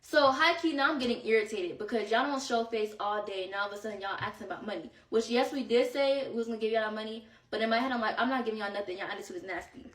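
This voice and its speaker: A young woman hosting a podcast, telling a story in an animated, casual way full of slang. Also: on the high side, quick pace, hardly any pauses, distant mic. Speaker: podcast host. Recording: roomy echo, set back from mic.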